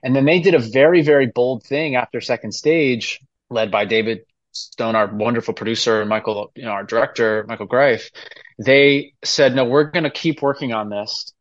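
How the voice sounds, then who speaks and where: A man's voice: medium pitch, moderate pace, no room sound, lo-fi sound. A man in his forties, a musical theater actor guesting on a podcast, talking earnestly and emotionally with many restarts. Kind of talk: casual interview chat.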